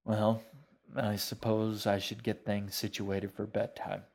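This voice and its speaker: A man reading a story aloud, voicing a polite middle-aged stranger who speaks gently and a bit formally. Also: fairly low pitch, monotone, creaky, full character voice. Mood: calm. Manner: measured, mildly formal.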